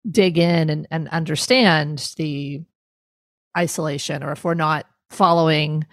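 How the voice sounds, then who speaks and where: A woman in her forties with a low, gravelly voice talks through ideas as a therapist on a podcast. She speaks thoughtfully and often restarts while searching for words. Her voice sounds close and dry, with no room echo. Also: fairly even intonation, a little slow. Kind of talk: professional podcast conversation.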